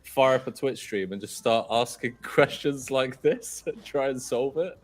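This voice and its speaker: A man's voice: medium pitch, measured pace. A man with an Australian accent doing live poker commentary, joking and teasing his co-hosts.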